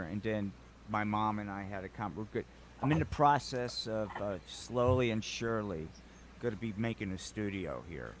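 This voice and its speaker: Dude on a stream call, joking and bragging, noisy background hum. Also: male voice, lowish voice, moderate pace. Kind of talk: casual chat.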